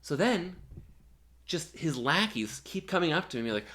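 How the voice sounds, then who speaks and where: A man's voice: on the high side, big pitch swings, measured pace, fairly bright tone. A young man telling a long, profane anecdote in a casual chat, full of fillers and asides. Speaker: guest musician.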